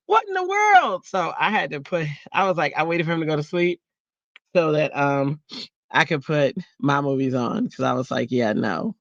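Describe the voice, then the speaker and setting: A woman's voice: deep voice, dry recording, highs cut off. A middle-aged woman hosting a casual craft livestream, chatting with viewers and reading their comments aloud. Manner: chatty and animated, laughing, teasing chat. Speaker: craft channel host.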